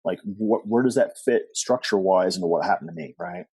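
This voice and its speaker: A man's voice: fairly low pitch, a little fast, creaky, breathy edge, dry recording. A middle-aged man, a podcast guest, tells a long personal story, rambling with fillers and restarts, acting out the people he quotes. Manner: rambling with many fillers and restarts, animated quoting. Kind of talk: storytelling interview.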